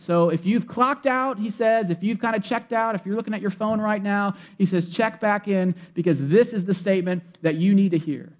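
A male pastor preaching an earnest sermon, repeating key words for emphasis and dropping to quiet phrase endings. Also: sits high.

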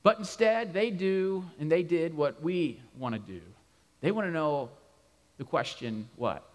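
A male pastor preaching in a chatty, animated way, dropping funny asides as he retells the story. His voice sits high for a man, and a large hall's long reverb follows each phrase. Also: normal speed. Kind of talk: conversational sermon.

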